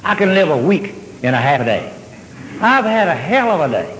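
Drawling man spinning a deadpan yarn. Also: on the high side, brisk, a little hiss or hum. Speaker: comedian. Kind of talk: stand-up storytelling. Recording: hall reverb with faint ambience.

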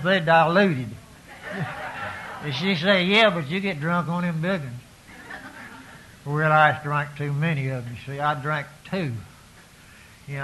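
A man's voice: fairly high pitch, bright, forceful tone, slight background noise, poor audio. A man tells his recovery story to an audience in a folksy, self-mocking way, full of restarts and "you know"s.

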